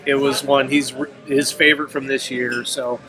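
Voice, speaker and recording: A man co-hosting a casual film review chat, animated and laughing, swearing freely. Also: mid-range voice, moderate pace, over music, low-quality recording. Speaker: podcast co-host reviewing films.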